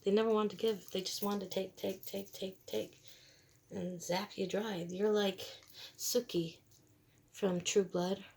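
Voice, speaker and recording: A woman's voice: medium pitch, steady tone, measured pace, dark tone, husky. A woman doing a casual, rambling tarot reading, talking bluntly in slang and laughing between thoughts. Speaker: tarot reader. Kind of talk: casual spiritual reading monologue.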